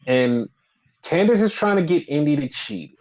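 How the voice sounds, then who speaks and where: A man's voice: a little high, expressive, moderate pace, a little mellow. A man co-hosting a casual chat, rambling with lots of fillers and acting out quotes. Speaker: podcast co-host. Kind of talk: casual chat recapping wrestling. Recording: slightly dull lo-fi audio.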